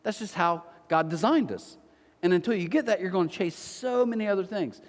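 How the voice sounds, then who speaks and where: Speaking fairly quickly in a large hall, a man with a high voice delivers a sermon as pastor. His storytelling is animated and sprinkled with playful asides, set in a church auditorium.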